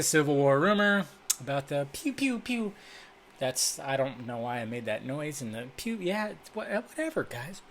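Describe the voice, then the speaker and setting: A man's voice: mid-range voice, bright, forceful tone, a little hiss or hum. A man vlogging about film news in a loose, rambling style, swearing freely, talking into a desk microphone in a dim room. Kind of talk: casual rambling commentary. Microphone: desk microphone, webcam.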